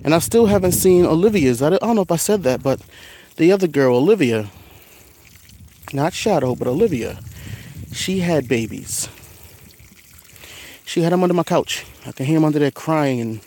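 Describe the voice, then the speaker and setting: A man's voice: fairly high pitch, expressive, moderate pace, long pauses, mellow, slight background noise. A young man chatting casually in his outdoor garden while filming on a phone, rambling about his plants and talking to his cats. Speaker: gardening vlogger. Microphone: phone camera.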